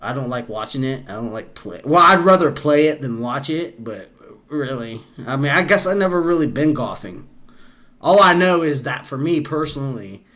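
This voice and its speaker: A man's voice: mid-range voice, lively intonation, normal speed, fairly bright tone. A man hosting a reaction video, chatting casually and laid-back, laughing often and calling people "bro". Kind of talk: casual chat reacting to clips.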